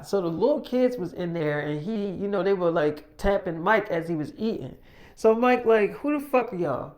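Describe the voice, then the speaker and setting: A woman's voice: lowish voice, a little mellow. A woman casually recapping a role-play story in a rambling, profane way, retelling who said what.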